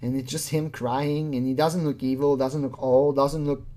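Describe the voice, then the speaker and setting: A channel host giving casual reaction commentary, mocking and profane, often mimicking people in a high whiny voice. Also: flat delivery, moderate pace, dark tone.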